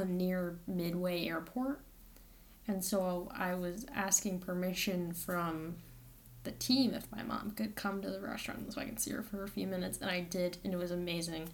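A young woman, a college student, talking casually on her own podcast, rambling with lots of fillers and corrections. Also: lowish voice. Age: young adult. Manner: chatty, rambling, with many "like" fillers and self-corrections. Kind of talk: casual solo podcast monologue.

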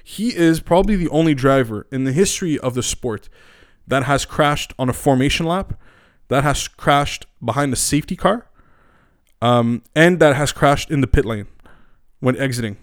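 A man's voice: mid-range voice, moderate pace, no echo, studio quality. A young man hosting casual commentary, rambling, opinionated and profane. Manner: rambling, profane, many fillers and restarts; opinionated and animated. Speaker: podcast host.

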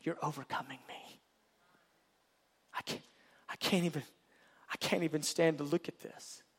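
A hushed, overwhelmed God, halting and breathless, his voice dropped lower and softer than the telling around it, as a man preaching acts him out. The phrases break off and restart as if he can hardly go on. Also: steady tone.

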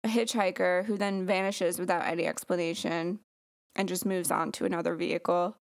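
A woman's voice: on the low side, fairly even intonation, brisk. A woman hosting a casual podcast, chatty and giggly, rambling with many fillers. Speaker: podcast host. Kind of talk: casual chat.

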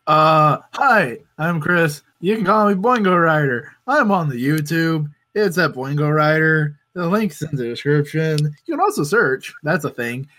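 A man on a casual podcast, plugging his channels in a deadpan, goofy way. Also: a little high, measured pace, few pauses. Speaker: podcast guest.

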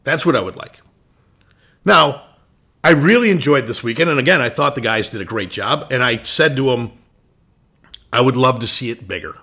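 A man's voice: medium pitch, lively intonation, moderate pace, bright, forceful tone, husky. A man hosting a lacrosse show, ranting bluntly with swearing and restarts, irritated. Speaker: lacrosse podcast host. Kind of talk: opinion rant.

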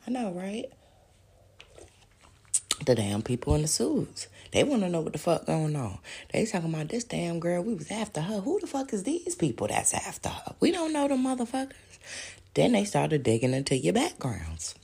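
A woman's voice: fairly low pitch, sing-song, normal speed, creaky, warm tone, breathy edge. A woman, hosting a podcast and delivering a profane, heated monologue full of rhetorical questions. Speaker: podcast host.

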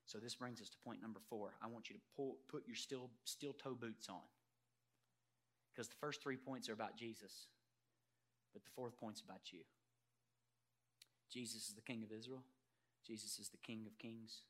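A man preaching a sermon as pastor, emphatic, swinging from loud declarations to quiet earnest asides and putting questions straight to the congregation. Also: lowish voice, steady tone, moderate pace, pauses often. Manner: addresses congregation directly with rhetorical questions.

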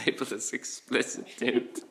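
A man co-hosting a podcast in casual chat, with crude, excitable joking. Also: moderate pace, a little hiss or hum. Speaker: podcast co-host.

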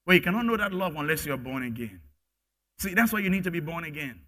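A pastor preaching a sermon, swinging from loud emphatic bursts to quiet asides. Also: male voice, sing-song, quick pace. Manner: emphatic, rising to loud bursts then dropping low.

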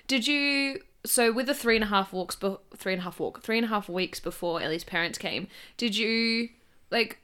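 A woman hosting a casual interview, asking quick questions and giving short eager responses. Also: mid-range voice, pushed and bright, clear, resonant tone. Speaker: host.

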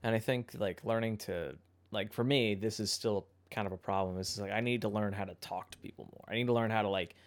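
A young man hosting a podcast in casual chat, thinking out loud in a reflective way and often correcting himself mid-sentence. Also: fairly low pitch, steady tone, a little fast. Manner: reflective, rambling, self-correcting. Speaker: podcast host.

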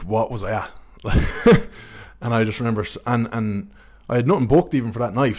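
Young bloke, lowish voice, swears freely, rambles through his stories. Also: a little mellow. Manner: candid, sweary, rambling anecdotes. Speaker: podcast host. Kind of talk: casual storytelling chat.

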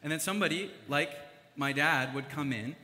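Bright-voiced young preacher in a reverberant hall. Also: male voice, a little high, normal speed. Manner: chatty and animated, with fillers and asides. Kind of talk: casual sermon. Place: church hall.

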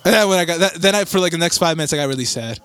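A young man telling a rambling story in casual chat, animated and swearing, with lots of fillers and restarts. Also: fairly high pitch, rapid-fire, smooth, dry recording, studio quality.

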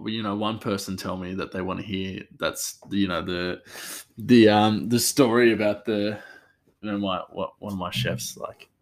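Male podcast host, lowish voice, loose and chatty, drifts off on tangents. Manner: rambling, chatty, restarts, laughs easily. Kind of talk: casual solo podcast chat.

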